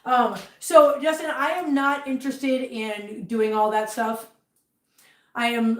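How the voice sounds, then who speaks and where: A woman hosting a casual livestream from her kitchen, chatty and emotional, cooing at her cats between chatting with viewers. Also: mid-range voice. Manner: emotional, chatty, coos baby talk at cats. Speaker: livestream host. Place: home kitchen. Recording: roomy echo, voice from far off.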